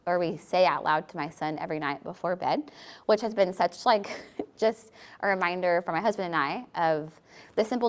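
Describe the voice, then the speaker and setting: A woman sharing a Bible verse in casual testimony, chatty and laughing now and then. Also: on the low side. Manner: warm, chatty, laughs between thoughts.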